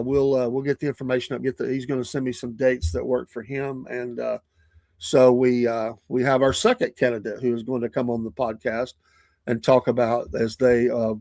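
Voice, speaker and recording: A man's voice: mid-range voice, mellow, no room sound. A man in the middle of his range runs a casual morning talk show, drifting from story to story and laughing at his own asides. The sound is close and dry, with no room around it, as if he is in a small home studio. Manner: rambling, chuckling often, retells stories.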